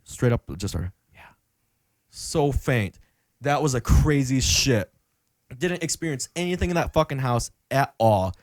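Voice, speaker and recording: A man's voice: mid-range voice, animated, unhurried, a little mellow, dry recording, studio quality. A young man hosting a podcast, telling a rambling, profane story full of fillers. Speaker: podcast host. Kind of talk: casual chat.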